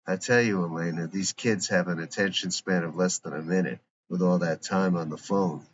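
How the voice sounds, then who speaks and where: A man's voice: low-pitched, steady tone, normal speed, natural voice. A man reading as a grumpy, curt father. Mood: gruff. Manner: gruff, curt. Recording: muffled lo-fi with faint hiss.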